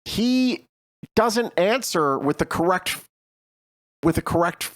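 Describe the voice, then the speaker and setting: Animated male chat show host. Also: sits high, slow, no room sound. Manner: animated, rambling, frequent restarts. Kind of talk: casual chat show banter.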